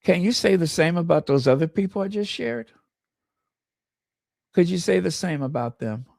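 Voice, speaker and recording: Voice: mid-range voice, animated, normal speed, gravelly, darkish tone, no echo, clean studio sound. An American host giving impassioned, emphatic livestream commentary and reading viewer comments aloud. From United States. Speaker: channel host.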